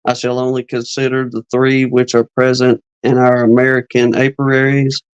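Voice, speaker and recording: Man, live-chat host, reads a text aloud, flat monotone delivery, stumbles and comments, dull lo-fi dry sound. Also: mid-range voice, smooth, no room sound. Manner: reads slowly, stumbles on words and adds asides.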